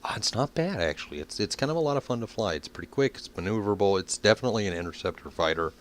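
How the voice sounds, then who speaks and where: Deep-voiced man narrating a flight game. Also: very fast, a little hiss or hum. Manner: relaxed, explains as he goes, many ums and uhs. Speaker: gameplay video host. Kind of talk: casual gameplay commentary.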